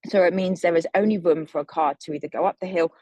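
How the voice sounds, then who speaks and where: Soft, husky-voiced woman. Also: fairly low pitch, fairly even intonation, fast, no echo. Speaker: manifestation coach. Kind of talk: calm spiritual teaching monologue.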